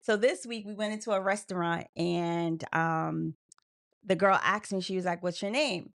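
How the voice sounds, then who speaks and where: Woman, from New York, co-host, casual chat, gravelly, laughs easily. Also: on the low side, fairly even intonation, moderate pace, fairly bright tone. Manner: chatty, laughing often.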